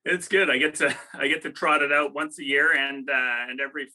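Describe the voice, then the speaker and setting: A man's voice: on the high side, steady tone, a little fast, sharp tone, rough recording. A middle-aged man co-hosting a comedy podcast, rambling and joking in casual banter that often trails off mid-sentence. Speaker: podcast co-host.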